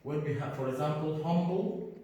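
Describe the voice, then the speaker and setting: A man's voice: fairly high pitch, warm tone. A man teaching an English grammar lesson, repeating words and answering his own questions. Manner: slow, repetitive, asks and answers own questions. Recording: echoey hall, mic far off.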